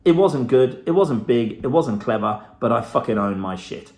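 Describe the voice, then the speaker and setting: A man's voice: mid-range voice, lively intonation, normal speed, gravelly, darkish tone. A middle-aged man giving a blunt, profane motivational talk to camera, with the odd laugh. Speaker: self-help vlogger.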